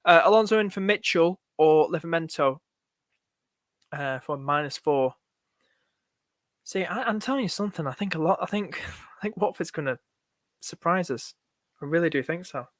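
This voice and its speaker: A man hosting a live fantasy football stream, answering viewers' questions in a rushed, excitable way and calling everyone "mate". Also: fairly high pitch, no echo. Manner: excitable, rushed, repeats himself, says "mate" a lot.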